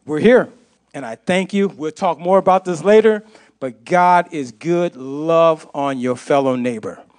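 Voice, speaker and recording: Guy preaching his testimony at church, kinda high voice, gets fired up and repeats himself. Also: unhurried, darkish tone. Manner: impassioned, repeats phrases for emphasis. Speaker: church speaker giving testimony. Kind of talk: sermon testimony.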